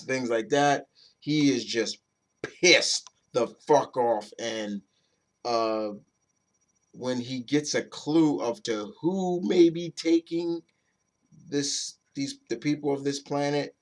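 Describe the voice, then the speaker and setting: Reviewing a comic book, a middle-pitched male speaker wanders loosely from point to point at a slow pace. His talk is relaxed and conversational, dotted with occasional swearing and plenty of restarted sentences.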